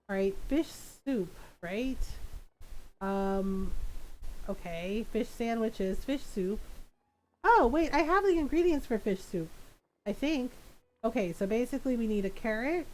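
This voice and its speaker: A woman's voice: fairly high pitch, very animated, unhurried, darkish tone, a little hiss or hum, poor audio. Chatty woman thinking aloud while gaming. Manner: rambling, thinks aloud, laughs often. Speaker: streamer. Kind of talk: casual gameplay chat.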